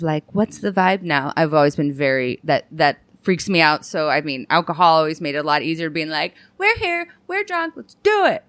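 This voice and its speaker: A woman's voice: low voice, dry recording, studio quality. A young adult woman comedian, a podcast guest, telling a story with lots of swearing and self-mockery. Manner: animated storytelling with acted quotes and laughs. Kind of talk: casual podcast chat.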